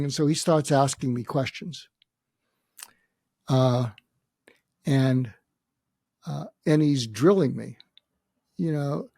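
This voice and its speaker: An older man, a podcast guest, telling a personal story reflectively, pausing often and quoting what others said. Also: medium pitch, gravelly, a little mellow, no echo, clean studio sound. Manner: reflective, with many hesitations and quoted dialogue. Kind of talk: storytelling in a conversation.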